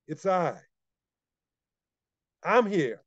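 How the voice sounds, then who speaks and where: A man voicing Jesus in a sermon retelling, speaking with calm, emphatic reassurance. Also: high-pitched, very slow, no echo, muffled recording, heavily acted. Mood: reassuring. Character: calm reassuring male Jesus calling from the water.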